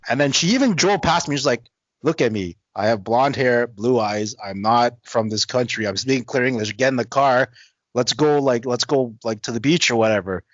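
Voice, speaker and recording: A man's voice: mid-range voice, moderate pace, no echo. A man co-hosting a podcast, telling a story in casual chat, rambling and laughing, with many fillers and repeated words. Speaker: podcast co-host.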